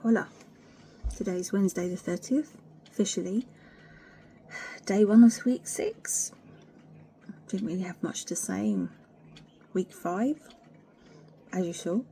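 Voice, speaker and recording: Woman, home vlogger, mellow voice, blunt and sweary, whispers her asides. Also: medium pitch, big pitch swings, a little slow, long pauses, breathy edge. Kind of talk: candid personal vlog.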